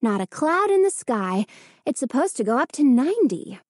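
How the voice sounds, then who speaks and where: A woman voicing a busy mother in a storybook reading, brisk and scolding. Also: sits high, sing-song, a little mellow, slightly rough, no echo, clean studio sound, voice pushed up, full character voice. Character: busy mother, stern but caring.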